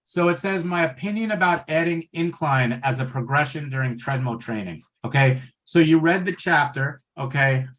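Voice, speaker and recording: A man's voice: fairly high pitch, normal speed, hardly any pauses, fairly bright tone. A man giving a passionate, conversational webinar talk on pulmonary wellness over a video call, often checking in with "right?".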